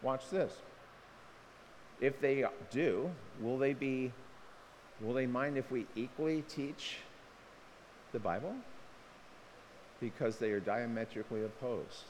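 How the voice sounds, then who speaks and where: A man preaching a sermon as pastor, impassioned, his pitch leaping up when he presses a point. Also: slow, long pauses, a little mellow. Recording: long hall reverb, faint noise.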